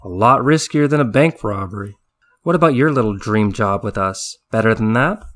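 A man's voice: fairly low pitch, expressive, moderate pace, a bit bright. A man doing a big, blunt old soldier. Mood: provoking. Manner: blunt and provoking.

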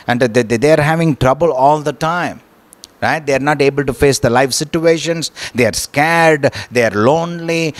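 A male pastor preaching a sermon, often asking "right?" and repeating words as he goes. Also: mid-range voice.

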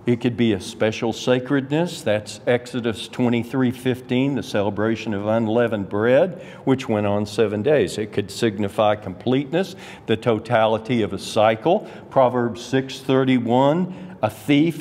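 A Bible teacher with a mid-range, slightly mellow voice preaches a sermon in a church sanctuary, explaining a Scripture passage point by point. His expository delivery is deliberate with emphatic rises, and the recording carries the long reverb of a church hall.

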